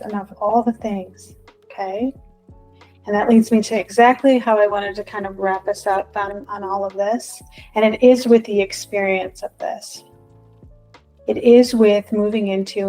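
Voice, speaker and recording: A woman leading a group through a guided visualization, speaking in gentle, repetitive, inviting prompts. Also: mid-range voice. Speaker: spiritual workshop leader.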